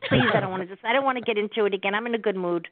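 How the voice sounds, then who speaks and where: A woman's voice: medium pitch, racing, no echo. Older woman, casual chat, stammers, repeats herself, dry, tinny phone sound. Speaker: guest, host's mother.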